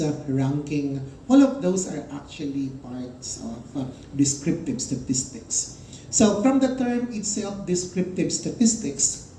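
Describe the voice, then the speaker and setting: A man delivers a statistics lecture in a fairly high, mellow voice. He explains patiently, with many fillers and sudden emphatic rises. The recording sounds echoey, with faint room noise behind him.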